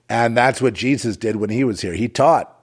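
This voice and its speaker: A man's voice: mid-range voice, slightly rough. A man delivering a rambling, moralizing monologue with a sardonic, digressive way of talking.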